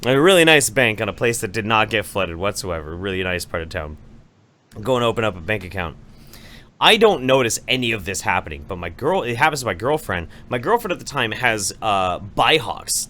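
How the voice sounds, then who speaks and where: A man casually telling a long anecdote on a podcast, profane and animated, acting out voices as he goes. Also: on the low side, a little hiss or hum. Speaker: podcast co-host. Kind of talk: casual storytelling chat.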